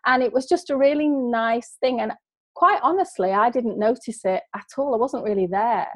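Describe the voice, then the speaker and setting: A woman's voice: fairly high pitch, moderate pace, no room sound. A middle-aged woman, a guest who tells a personal story in an earnest, heartfelt way. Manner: earnest, heartfelt, emotional retelling. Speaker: guest, business coach.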